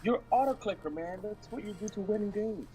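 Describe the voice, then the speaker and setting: A player in a tabletop game, chatting casually, quick and joking. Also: mid-range voice, dark tone, faint music behind, rough recording.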